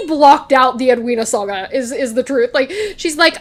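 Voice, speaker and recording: A young woman chatting casually in a TV recap vlog, gushing and animated, laughing and swearing often. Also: high voice, moderate pace, few pauses. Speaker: recap vlogger. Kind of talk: casual chat, excited TV recap.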